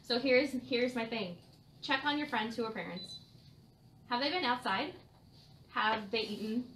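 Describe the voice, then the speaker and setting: Earnest woman co-host, high-ish voice, recorded off mic in an echoey room with a crowd behind. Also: animated, unhurried, a bit bright, far from the mic, a little hiss or hum. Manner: earnest, emphatic, talks about motherhood frankly. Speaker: podcast co-host. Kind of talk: casual podcast chat.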